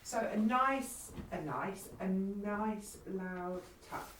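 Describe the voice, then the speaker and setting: A woman's voice: mid-range voice, extremely slow, fairly bright tone. A woman chatting casually and recounting earlier ghost hunts. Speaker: paranormal investigator. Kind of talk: casual chat and storytelling. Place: abandoned farmhouse indoors. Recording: echoey room from far off, faint hiss.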